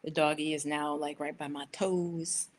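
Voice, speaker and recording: Middle aged lady rambling on a livestream from her couch, kinda low voice, laptop mic, bit of room hum. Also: little pitch movement, normal speed. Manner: chatty, rambling, talks to her dog and viewers. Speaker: livestream host giving tarot readings. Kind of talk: casual livestream chat. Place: living room sofa by big windows.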